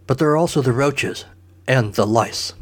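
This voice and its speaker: A man's voice: medium pitch, normal speed, natural voice. A man as a blunt crude king. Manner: blunt, grunting.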